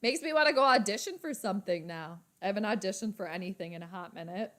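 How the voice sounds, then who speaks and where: Casting: chatty, excitable woman host reacting live to a football game. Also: medium pitch, fast talker. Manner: excitable, chatty, laughing often. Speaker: sports channel host.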